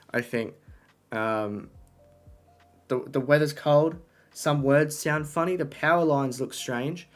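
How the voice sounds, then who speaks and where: A young man chatting casually on a live stream, talking to his chat, excitable and swearing often, into a desk microphone. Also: mid-range voice. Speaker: livestreamer.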